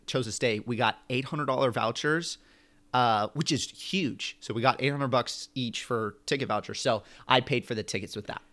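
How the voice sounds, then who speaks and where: A young man co-hosting a podcast, telling a long story in an animated, rambling way. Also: mid-range voice, moderate pace. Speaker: podcast co-host. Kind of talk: casual chat.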